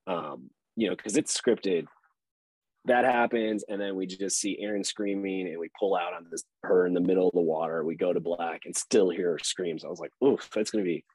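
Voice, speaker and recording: A man's voice: low-pitched, fairly even intonation, moderate pace, darkish tone, breathy edge, no room sound, low-quality recording. A man, an actor guest on a podcast, talking in a loose, rambling way with fillers and laughs. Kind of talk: casual interview chat.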